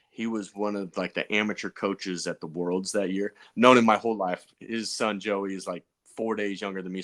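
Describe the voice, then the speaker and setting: Low-voiced man telling rambling stories. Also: fairly bright tone. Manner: loose, rambling storyteller with many fillers and restarts. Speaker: pro BMX racer guest. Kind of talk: casual podcast storytelling.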